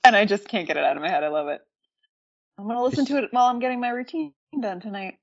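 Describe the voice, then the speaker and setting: Woman, casual co-host, husky, lively pitch, lo-fi sound. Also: fast talker. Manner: giggly, chatty. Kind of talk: casual chat.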